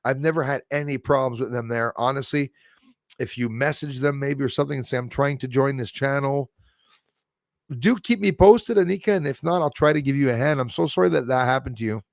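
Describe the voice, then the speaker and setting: Gravelly man chatting on a livestream. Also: mid-range voice, fairly quick, no room sound, studio quality. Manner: rambling, jokey, chuckles often. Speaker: livestream host answering viewer comments. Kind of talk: casual livestream chat.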